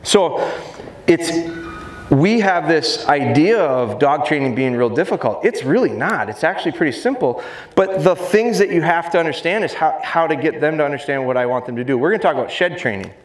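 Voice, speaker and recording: A man's voice: a little high, expressive, brisk. A middle-aged man giving a dog training seminar to a live audience, talking energetically and joking with the crowd. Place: large exhibition hall. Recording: roomy hall echo, faint crowd ambience.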